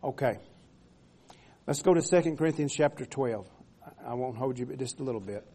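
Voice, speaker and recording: Mellow-voiced preacher man. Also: medium pitch, animated, slightly rough. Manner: rising in volume when reading scripture, drawn-out emphatic phrases; repeats words as he builds up to a point. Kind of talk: sermon.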